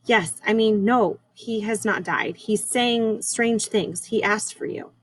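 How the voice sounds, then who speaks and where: A woman reading aloud as an anxious young servant boy, her voice lifting a little higher and more eager. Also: slow pace.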